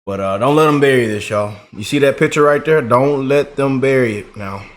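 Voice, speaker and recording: A man's voice: mid-range voice, normal speed, slight background noise. A man giving casual, rambling commentary to his viewers, drawling and calling them y'all. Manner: laid-back, drawling, repeats "man" and "y'all". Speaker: political commentary vlogger.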